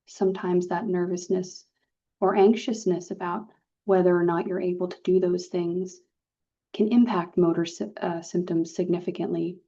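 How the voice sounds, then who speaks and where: Calm woman guide, lowish mellow voice, kinda muffled call audio. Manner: calm, soft-spoken, gentle pauses. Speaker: meditation guide. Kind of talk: guided meditation talk. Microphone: video call. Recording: dull lo-fi video call audio.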